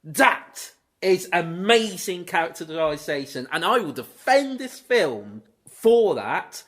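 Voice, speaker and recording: A man co-hosting a casual movie debate podcast, chatty and lively. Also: a little high, takes it slowly. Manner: lively, chatty, slips into goofy quoted voices. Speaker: podcast co-host.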